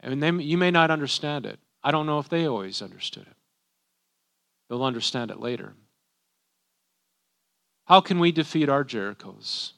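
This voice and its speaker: A man's voice: medium pitch, expressive, normal speed, vocal fry, long pauses, fairly bright tone. A man, a pastor, preaching a sermon in a conversational way, often tagging rhetorical questions.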